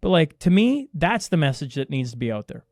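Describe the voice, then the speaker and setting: Emphatic man, higher-pitched voice. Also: very animated, fairly quick, darkish tone, no echo, studio quality. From Canada. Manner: emphatic, ranting, answers his own rhetorical questions. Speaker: podcast guest. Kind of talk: casual conversational interview.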